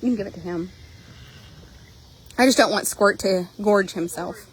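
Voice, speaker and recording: A woman's voice: mid-range voice, moderate pace, breathy edge. A woman hosting a casual vlog, chatting animatedly and swearing freely while filming horses outdoors on a handheld phone. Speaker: horse trader and channel host. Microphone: handheld phone camera.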